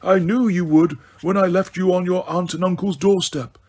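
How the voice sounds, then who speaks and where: A man voicing a wise, weary old male headmaster wizard in an audiobook, speaking in a measured, gentle, grave way. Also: sits high, fairly even intonation, pitched above the performer's own voice. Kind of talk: audiobook character reading.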